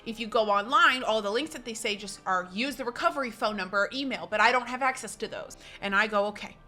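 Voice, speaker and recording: A woman's voice: fairly high pitch, fast, pushed and bright, faint music behind. A young woman telling a story on her vlog, dramatic and self-mocking, acting out her own panicked lines.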